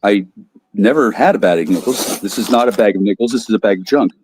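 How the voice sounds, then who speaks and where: A man's voice: on the low side, quick pace, darkish tone, a little hiss or hum. A man on a video call ranting angrily and combatively, swearing heavily as he fires back at questions. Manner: angry, combative, profane. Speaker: guest on a live call-in stream. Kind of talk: profane ranting.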